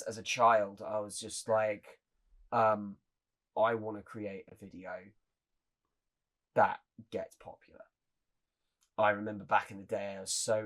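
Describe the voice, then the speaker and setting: Rambling, earnest podcast host. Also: male voice, lowish voice, fairly bright tone. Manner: earnest, rambling, with many restarts. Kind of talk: casual chat.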